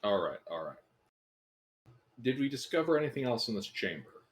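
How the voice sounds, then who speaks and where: A man playing a tabletop game online, talking casually with an animated, playful manner. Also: medium pitch, normal speed. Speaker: player. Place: home, online voice call.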